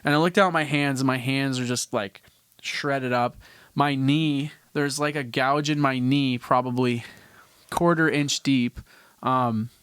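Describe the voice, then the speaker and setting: A young man from Canada tells a story on his podcast, circling back and restarting his sentences with casual swearing. His voice is smooth and clean, recorded close and dry with no room echo. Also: mid-range voice, steady tone, unhurried, a bit bright. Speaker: podcast host.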